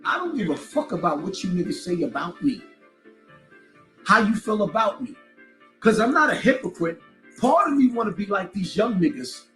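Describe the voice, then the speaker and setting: A man's voice: sits high, fairly bright tone, echoey room. A man in his forties ranting on a live stream, aggressive, defiant and profane. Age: 40s. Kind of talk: angry live-stream rant.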